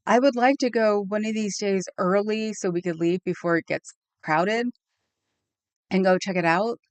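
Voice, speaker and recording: A woman's voice: mid-range voice, moderate pace, smooth, no echo. A woman live streamer chatting casually with her viewers in a rambling way, laughing often and reacting to the chat.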